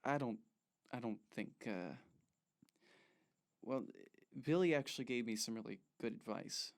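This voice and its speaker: A man voicing an easygoing teenage boy who speaks in a halting, rambling way. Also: mid-range voice, lightly acted.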